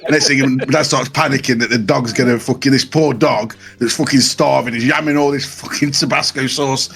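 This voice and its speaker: A man's voice: mid-range voice, brisk. A man, co-hosting a podcast and telling a story in casual, profanity-filled chat. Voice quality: husky, swears a lot, animated storytelling. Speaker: podcast co-host.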